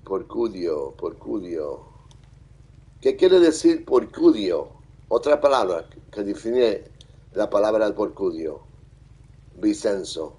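A man live streaming, reading viewer comments aloud and thanking them in a halting, friendly way. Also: on the low side, big pitch swings, warm tone, slightly rough, rough recording. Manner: halting, with many fillers and restarts. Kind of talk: casual live-stream chat.

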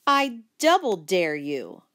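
A woman's voice: mid-range voice, lively intonation, unhurried, fairly bright tone. A woman voicing a spirited young girl who squeals and stands up defiantly to her brother in a read-aloud story. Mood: daring.

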